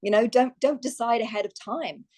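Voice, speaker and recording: A woman's voice: on the high side, moderate pace. Irish woman, success coach, podcast guest, enthusiastic and chatty. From Ireland. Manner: enthusiastic, animated, many fillers and restarts. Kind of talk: podcast interview.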